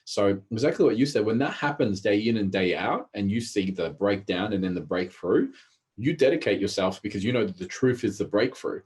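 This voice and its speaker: A man talking as an interview guest, telling stories in a fast, animated way. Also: on the low side, slightly rough. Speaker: interview guest, behavioural specialist. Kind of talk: casual interview talk.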